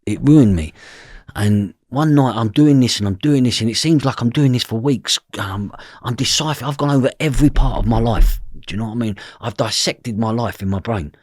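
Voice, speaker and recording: Speaking briskly in a medium-pitched, darkish voice, a middle-aged man on a podcast relates his own story intensely and without softening it. He swears and often asks whether you know what he means. The recording is dry.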